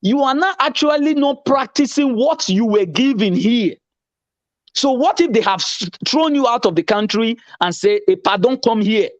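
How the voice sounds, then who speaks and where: Heated debater, man, high and animated voice, dry dull lo-fi recording. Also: moderate pace, no room sound. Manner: insistent, lecturing, repeats himself. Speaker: debater in a political argument. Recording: dull lo-fi sound.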